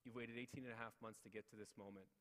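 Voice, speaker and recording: A middle-aged man giving a humorous motivational talk at an awards ceremony, telling a family story with animated, self-deprecating asides to the crowd. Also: lowish voice, racing. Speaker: guest speaker at an awards ceremony. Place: large hall. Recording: long hall reverb.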